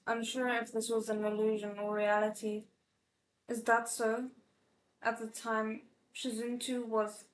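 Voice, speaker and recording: A woman reading a novel aloud live, expressive, with emotional asides between passages. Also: on the high side. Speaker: audiobook reader. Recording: echoey room.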